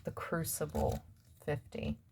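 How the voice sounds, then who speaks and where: A woman's voice: low-pitched, slow pace, creaky, noisy background. A woman giving a casual tarot reading, musing aloud and trailing off with fillers as she turns over cards. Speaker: tarot reader.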